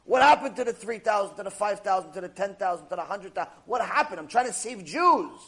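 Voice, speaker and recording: A man with a fairly high, husky voice delivers a Torah lecture. He drives his points home with emphatic, repeated rhetorical phrases. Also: animated, fast, fairly bright tone. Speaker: Torah teacher.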